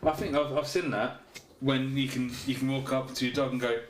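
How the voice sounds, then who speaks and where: A man's voice: medium pitch, fairly even intonation, a little fast. A man co-hosts a podcast, reading facts aloud and laughing easily. He sits some way back from the microphone. The room around him is roomy and echoey, with a faint hiss. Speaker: podcast co-host. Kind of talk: casual chat. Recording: echoey room, distant mic, faint noise.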